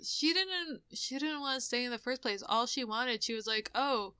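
Woman co-host, casual movie recap, sharp and clear tone, emotional and swearing freely. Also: high-pitched, moderate pace, no room sound. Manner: animated and profane, crying over the ending.

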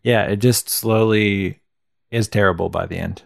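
A man's voice: lowish voice, fairly even intonation, moderate pace, gravelly, no room sound, studio quality. A man co-hosting a podcast, talking about films in an easygoing, wry and agreeable way. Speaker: podcast co-host. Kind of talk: casual film-discussion chat.

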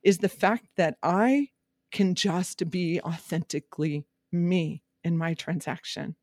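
Woman real estate agent, lowish voice, direct and emotional podcast talk, dry mic. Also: takes it slowly, a little mellow, no room sound. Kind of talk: candid podcast monologue.

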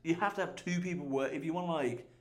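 A man hosts a podcast in a relaxed, easygoing way. His speech is loose and informal, with plenty of "dude" and casual swearing. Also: fairly high pitch, fast. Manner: laid-back, swears, says "dude". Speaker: podcast host.

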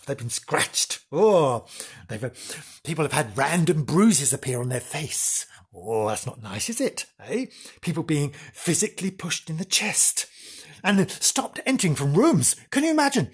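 A man hosting a comic spooky-story show, theatrical, with drawn-out exclamations and teasing questions. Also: on the high side, very animated, husky. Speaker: host.

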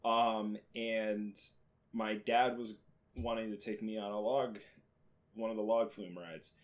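A man's voice: on the low side, level tone, slow. A young man telling a childhood story in casual chat, hesitant and full of fillers.

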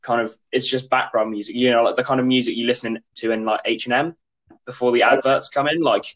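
Young man, podcast guest, hesitant, rambling, mid pitch. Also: fairly even intonation, quick pace, fairly bright tone, poor audio. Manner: rambling and hesitant, heavy use of "like". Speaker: podcast guest, skater and drummer. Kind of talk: casual chat.

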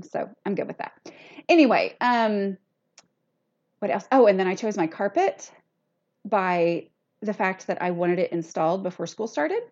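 A middle-aged woman hosts her podcast alone, telling stories in a chatty, self-deprecating way. Her voice sits at an ordinary pitch, and the recording sounds dull and lo-fi. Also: animated, measured pace, pauses often, a little mellow. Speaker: podcast host. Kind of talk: casual solo podcast chat.

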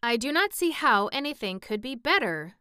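A woman's voice: a little high, very animated, moderate pace, pushed and bright, clear, resonant tone, dry recording, studio quality, pitched above the performer's own voice. A woman reading the part of an anxious, fretful male pumpkin-headed man in an audiobook, in a plaintive, raised voice.

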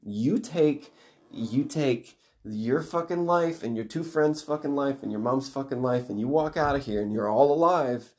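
A man voicing a sinister, smug male trickster who taunts and bargains in slow, drawn-out phrases. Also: medium pitch, darkish tone, pitched above the performer's own voice, close to an everyday voice. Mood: scheming.

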